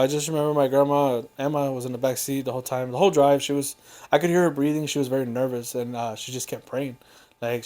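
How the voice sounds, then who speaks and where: Brief: young male podcast host, halting emotional storyteller, speaking softly. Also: mid-range voice. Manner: halting, emotional, soft-spoken.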